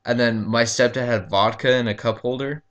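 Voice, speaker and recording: A man casually telling a rambling story over gameplay, halting often with ums and likes and swearing freely. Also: medium pitch, steady tone, fairly bright tone, dull audio. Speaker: gaming commentator.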